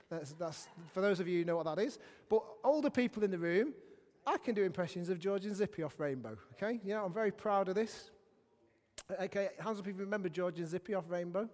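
A man's voice: high-pitched, a little mellow. A man preaching a sermon in a church hall, chatty and self-mocking, with many asides to the congregation. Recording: long reverb in a church hall.

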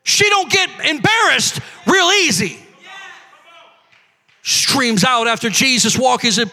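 High, bright-voiced fervent male preacher. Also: big pitch swings, a little slow, long pauses. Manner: fervent, often shouted preaching that calls out to the congregation. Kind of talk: sermon.

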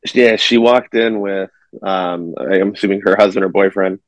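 A man comedian on a video call, telling a story in halting bits. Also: low voice, fairly even intonation, no echo, rough recording. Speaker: comedian guest. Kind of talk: anecdote telling.

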